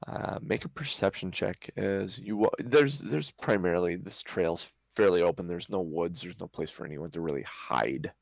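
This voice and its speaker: A man's voice: low voice, moderate pace, gravelly, few pauses, dry recording, rough recording. A man narrating as game master for a tabletop game, hesitant with many restarts. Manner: hesitant, lots of restarts and ums.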